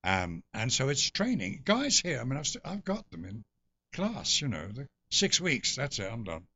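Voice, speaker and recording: A man's voice: medium pitch, huge pitch swings, normal speed, sharp tone, muffled recording. An older English man, a guest actor, telling stories in an interview with theatrical asides. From England. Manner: expansive storyteller, theatrical asides. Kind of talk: anecdotal interview talk.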